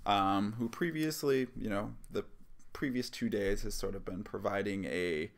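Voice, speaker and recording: A man tells a story on his vlog in a casual, rambling way, filling it with ums and asides. His voice sits very low, with a gravelly, fry-heavy edge. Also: measured pace. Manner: rambling, many fillers and asides. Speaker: vlogger. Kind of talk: casual first-person storytelling.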